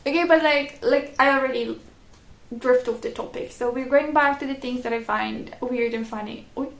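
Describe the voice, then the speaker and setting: Brief: young woman vlogger, high gravelly voice, chatty storyteller, echoey room. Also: normal speed. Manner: chatty, laughing often, frequent "like" fillers. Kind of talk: casual storytelling.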